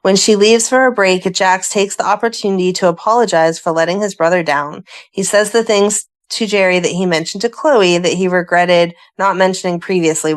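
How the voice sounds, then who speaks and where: A woman co-hosting a fan podcast, reading plot recaps aloud and breaking off into chatty asides. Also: fairly low pitch. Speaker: podcast co-host. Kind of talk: casual chat, reading episode recaps.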